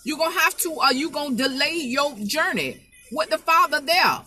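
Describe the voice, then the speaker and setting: A woman's voice: sits high, lively intonation, moderate pace, bright, forceful tone. A woman preaching an informal spoken sermon, emphatic and folksy, repeating her phrases to drive the point home.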